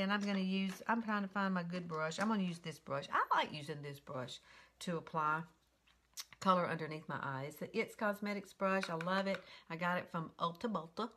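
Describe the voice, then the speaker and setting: A woman's voice: on the low side, fairly quick, pushed and bright, slight background noise. An older woman with a Southern US accent, chatting casually and rambling with giggles while hosting a makeup tutorial from her bedroom. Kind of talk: casual live-stream chat. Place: bedroom at home.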